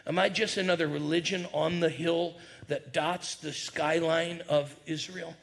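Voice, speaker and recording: A male pastor preaching a sermon with energetic call-and-response to his congregation. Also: on the high side, a little slow, gravelly. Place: church sanctuary.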